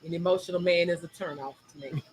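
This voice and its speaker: A woman co-hosting a casual talk show, speaking, animated and emphatic, and speeding up when she makes a point. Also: lowish voice, fast talker, slight background noise, rough recording. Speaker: podcast co-host. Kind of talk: casual chat.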